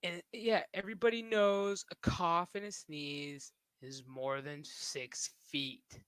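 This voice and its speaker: A man's voice: on the high side, level tone, slow, a bit bright, smooth, no room sound. A man streaming who talks in a rambling, casual way, swearing and laughing often. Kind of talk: casual livestream chat.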